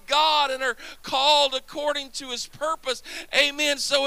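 A man's voice: extremely high pitch, level tone, a little slow, hardly any pauses, sharp tone, dry recording. A man preaching a sermon, calling for responses from the congregation and repeating his phrases as he builds. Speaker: pastor.

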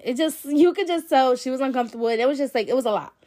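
A woman's voice: high voice, rapid-fire, dark tone. A young adult woman hosting a podcast, telling a personal story in a candid, chatty way, with lots of fillers and swearing. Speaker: podcast host. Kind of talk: casual storytelling. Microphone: solo podcast mic.

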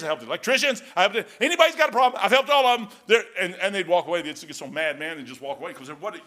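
Older male preacher, high-pitched, folksy rambling storyteller. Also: sharp tone. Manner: rambling folksy anecdotes, says "man" often. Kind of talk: storytelling sermon.

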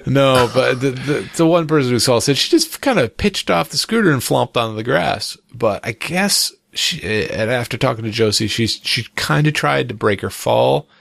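A man's voice: medium pitch, normal speed, vocal fry, hardly any pauses, fairly bright tone, dry recording. A man chatting casually as a podcast co-host, telling a rambling story with frequent laughs. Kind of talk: casual chat.

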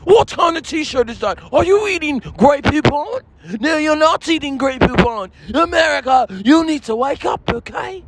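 A man's voice: very high-pitched, animated, normal speed, hardly any pauses, noisy background. A man putting on a pompous fake-British gent. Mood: indignant. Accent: put-on British. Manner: haughty, lecturing, bursts into shouted rants. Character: pompous self-styled British gentleman, boastful and touchy. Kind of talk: comedy sketch character monologue.

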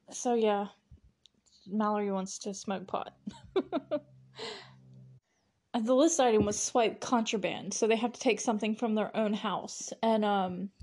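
A woman's voice: medium pitch, darkish tone. A young woman hosting a podcast, recapping an episode in a casual, chatty way with lots of giggles and fillers. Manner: chatty, giggly, full of "like" and "you know". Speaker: podcast host.

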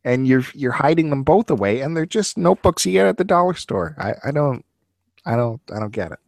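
A man's voice: mid-range voice, expressive, brisk, gravelly, a little mellow, dry recording, studio quality. A man hosting a podcast, chatting casually and teasing his co-host, laughing often. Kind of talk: casual chat.

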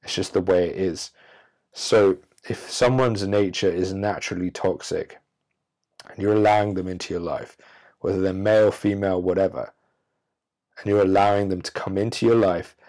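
A man's voice: deep voice, fairly even intonation, moderate pace, a little mellow. A man hosting a solo podcast, speaking in a blunt, profane and preachy way. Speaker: podcast host.

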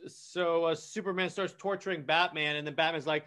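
A man's voice: fairly high pitch, fairly even intonation, moderate pace, hardly any pauses, pushed and bright, smooth. A man casually retelling a comic storyline, rambling with many restarts and false starts. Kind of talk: casual comic plot recap.

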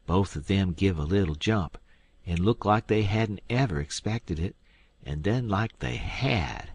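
Low husky guy reading a story aloud, folksy, dry close sound. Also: unhurried, no echo. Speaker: narrator. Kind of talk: audiobook narration in folksy dialect.

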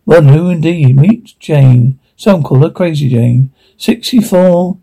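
A man speaking TV drama dialogue in a weary, gruff way, with a gravelly, husky voice. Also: a little high, takes it slowly, warm tone, exaggerated voice.

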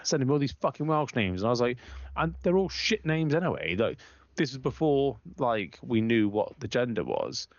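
A man's voice: mid-range voice, normal speed, no echo. A man co-hosting a casual podcast, telling rambling, swearing stories and acting out other people's lines in a raised voice. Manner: rambling storyteller, animated, quoting others in raised voice. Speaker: podcast co-host. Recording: dull lo-fi, dry.

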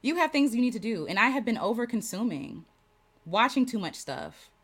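A woman acting as a creative coach speaks directly to her livestream viewers in casual talk at a moderate pace. She's affirming and animated, repeats key lines for emphasis, laughs easily, and her pitch swoops lively.

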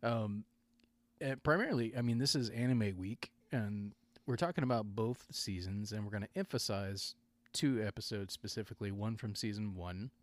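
A man's voice: on the low side, moderate pace, hardly any pauses, dry recording. A man hosting a podcast in casual chat, rambling and digressing, often correcting himself mid-sentence. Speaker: podcast host.

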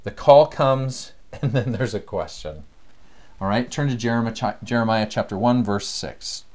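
Guy teaching a bible study lesson, mid pitch, animated, does little voices. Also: measured pace. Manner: animated, acts out quoted voices. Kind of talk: casual scripture lesson.

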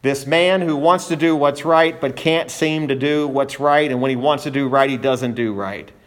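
A male pastor delivers a sermon from the pulpit at a middle pitch. He speaks earnestly, now and then restarting a phrase, and pushes his voice up for emphasis. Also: moderate pace. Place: church.

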